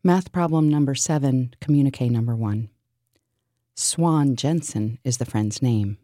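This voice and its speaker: Deep-voiced woman, deadpan surreal list reading, slow and mellow, dry close sound. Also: no room sound. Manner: deadpan, absurd, listing. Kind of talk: surreal spoken word list.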